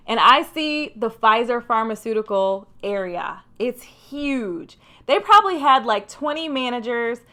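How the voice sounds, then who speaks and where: Bright, chatty young woman. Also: on the high side. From Michigan. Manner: chatty and animated, lots of "like". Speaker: career vlogger. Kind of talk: casual storytelling to camera.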